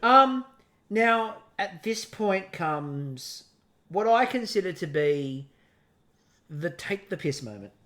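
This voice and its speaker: A man's voice: high voice, slow pace. An Australian man co-hosting a podcast, recapping a TV episode in casual chat and acting out what people said. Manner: animated storytelling, acting out quotes. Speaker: podcast co-host.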